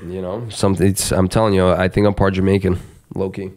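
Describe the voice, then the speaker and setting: Low-voiced New York man, rambling. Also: fast talker. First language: Russian. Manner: rambling, animated storytelling. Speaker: podcast co-host. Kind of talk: casual chat.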